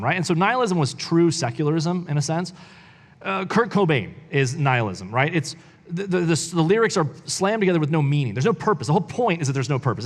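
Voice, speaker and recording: A man's voice: a little high, in a large hall. A man reading a book aloud and commenting on it in a heated, informal way, often saying "like". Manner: heated, informal, heavy use of "like". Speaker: church reader and commentator.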